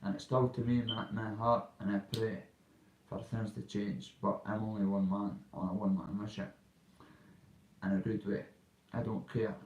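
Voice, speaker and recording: A man's voice: on the low side, level tone, moderate pace, a little mellow, dull audio, slight background noise. A man in his thirties with a Dundee Scottish accent, talking in a blunt, rambling monologue full of local slang. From Scotland. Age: 30s. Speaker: vlogger. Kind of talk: casual monologue. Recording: roomy and off-mic.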